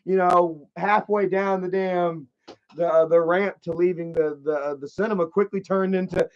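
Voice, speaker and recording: A man telling a story casually on a live stream, rambling and profane, with many restarts and shouted quotes. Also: sits high, steady tone, normal speed, muffled recording. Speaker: livestreamer.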